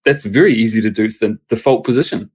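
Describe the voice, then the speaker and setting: A man's voice: lowish voice, fast, darkish tone, slightly rough. A man, a pastor and sports chaplain, telling stories casually in an interview and acting out the voices of people he quotes.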